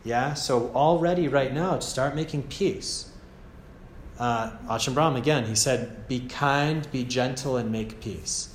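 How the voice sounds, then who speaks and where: A man with an American accent giving a gentle, casual meditation teaching at a retreat, often checking in with "yeah?". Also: mid-range voice, slow pace, a little hiss or hum. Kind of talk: relaxed meditation talk. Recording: echoey room, faint ambience.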